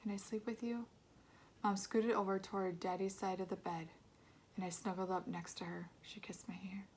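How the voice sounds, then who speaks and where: A woman reads a children's novel aloud in a soft, intimate voice. She often sinks into a near-whisper. A faint hum of background noise sits under her voice. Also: lowish voice, level tone, normal speed, vocal fry. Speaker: read-aloud narrator. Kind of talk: storybook narration.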